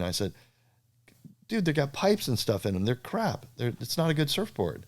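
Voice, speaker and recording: A man's voice: on the low side, fairly quick. An older man, a surfboard shaper, animatedly telling stories in a casual interview and acting out other people's lines. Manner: animated storyteller who acts out other people's lines with a raised voice.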